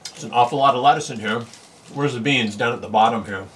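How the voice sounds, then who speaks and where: This fast-talking man has a medium, fairly bright voice, recorded with faint hiss or hum. Eating at his home in Japan for his food vlog, the California native chats away and relishes every mouthful with lots of "mm" and "oh."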